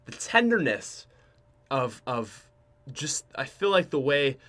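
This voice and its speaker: A young Canadian man hosting a podcast tells a casual story slowly, in a sing-song, mid-range voice that's a bit bright. His Canadian accent comes through as he rambles, with many fillers and restarts.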